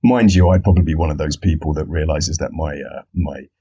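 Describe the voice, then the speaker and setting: A man's voice: extremely low pitch, fairly quick, mellow, slightly rough. A young man hosting a podcast in a comedic solo monologue, sarcastic and swearing a lot. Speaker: podcast host. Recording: dull lo-fi sound.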